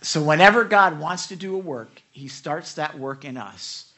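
A middle-aged pastor preaches with a bright, ringing tone and lively swings from booming emphasis to hushed confessions. He talks candidly and pokes fun at himself, keeping the sermon personal and animated. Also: normal speed. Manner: animated, candid, self-deprecating, swinging loud to soft.

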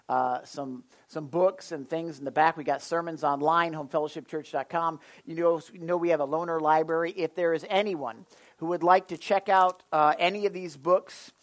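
During a church service, a middle-aged male pastor with a fairly high voice leads a prayer and then moves on to announcements. His manner is folksy and animated, sprinkled with plenty of fillers.

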